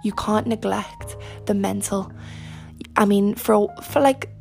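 A young woman hosting her own podcast in casual, chatty, self-mocking talk, a little husky today from lying on her front while recording. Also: medium pitch, slow, faint music behind. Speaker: podcast host. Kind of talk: casual solo podcast chat.

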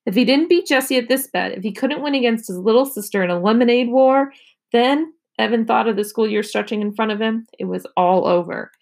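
A woman, a teacher, reading a children's novel aloud in an expressive storytelling manner. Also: fairly high pitch, brisk, creaky.

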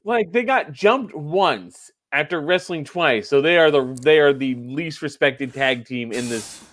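A man's voice: fairly high pitch, animated, measured pace, fairly bright tone, dry recording. A man co-hosting a casual wrestling recap, sarcastic and profane, joking with his co-host. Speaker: podcast co-host.

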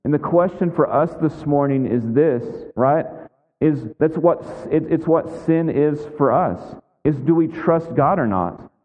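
A man's voice: fairly high pitch, unhurried. A man preaching a sermon as pastor in a conversational way, with frequent asides asking his listeners. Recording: tinny lo-fi sound in a big echoing hall.

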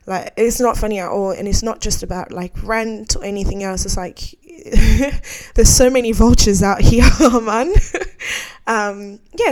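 A woman's voice: mid-range voice, darkish tone. A young adult woman hosting a podcast in casual chat, candid and heartfelt, full of slang and "like"s. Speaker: podcast host.

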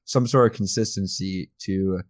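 A man hosting a casual podcast chat, talking in a rambling, animated way. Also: low voice, normal speed, dry recording, studio quality. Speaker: podcast host.

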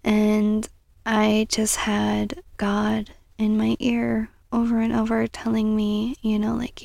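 Slow, gravelly-voiced woman podcast host. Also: mid-range voice, completely flat delivery, no echo. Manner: earnest and encouraging, drifting into soft whispery asides. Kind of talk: casual self-help podcast monologue.

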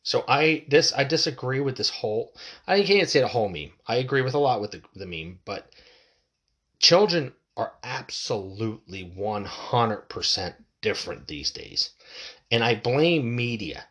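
A man's voice: mid-range voice, lively intonation, normal speed, a bit bright. A middle-aged man hosting a podcast alone, ranting bluntly and profanely, rambling and restarting his sentences. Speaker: podcast host. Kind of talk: casual solo podcast rant.

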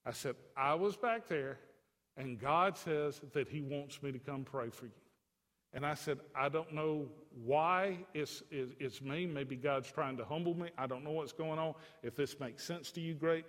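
A male pastor preaching a sermon, telling a story that moves from hushed asides to loud, fervent proclamation. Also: a little high. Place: church sanctuary. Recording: long reverb of a church hall.

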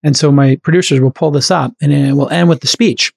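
A middle-aged man hosting a podcast, speaking in a fairly high voice. He rattles through ideas quickly and enthusiastically, leaning on "like" as he goes. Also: gravelly, husky. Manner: fast, enthusiastic talker with many "like" fillers. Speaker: podcast host. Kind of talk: casual chat.

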